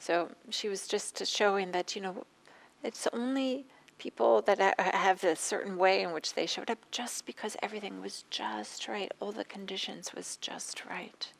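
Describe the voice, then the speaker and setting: A woman meditation teacher gives a dharma talk with a scratchy throat and a gravelly, fry-laden voice. She tells stories unhurriedly and often trails off into near whispers. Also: medium pitch. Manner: unhurried storytelling with soft asides, trailing into whispers.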